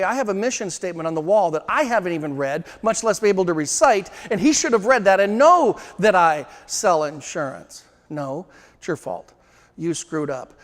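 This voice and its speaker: Sales trainer guy lecturing a room, a bit high voiced, big echoey hall, leans hard on key lines. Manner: emphatic, slows down to stress points. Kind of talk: seminar talk to a live room. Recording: long hall reverb.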